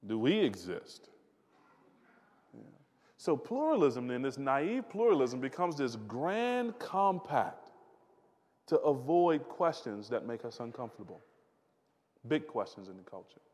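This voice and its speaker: A man's voice: mid-range voice, very animated, measured pace, darkish tone. Man preaching in a reverberant hall. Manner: conversational preaching, repeats words, asks the audience questions. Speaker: pastor. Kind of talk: sermon. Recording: long reverb of a large hall.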